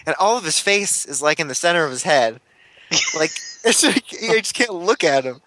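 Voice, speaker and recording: A man's voice: on the high side, animated, fairly bright tone, slight background noise, low-quality recording. A young man co-hosting a casual chat, joking and laughing often. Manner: chatty and joking, laughs often, speaks in quick bursts. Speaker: podcast co-host.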